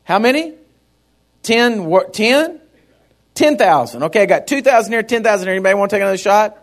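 High, expressive and a little fast, the pastor's voice carries his sermon as he calls out to the congregation. He also performs the people in his stories with different voices.

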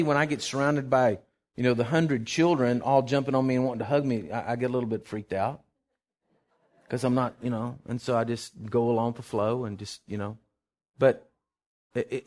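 Older man, rambling testimony, drops to a hush then bursts loud, mid-pitched voice. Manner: emotional, swings from hushed to shouting; rambling with many fillers. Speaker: testimony speaker. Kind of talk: personal testimony storytelling.

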